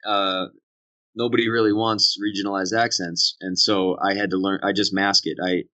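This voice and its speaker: A man's voice: sits low, flat delivery, moderate pace, bright, forceful tone, poor audio. A man with a Boston accent, a voice actor guest talking candidly and with self-deprecating humour in an interview from a dry hotel room.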